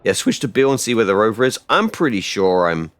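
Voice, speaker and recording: A man streaming a game live, rambling casually and bursting out loudly when things go right. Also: lowish voice, a little fast, dry recording. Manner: rambling and excitable, with loud outbursts. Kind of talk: casual live-stream chat while gaming.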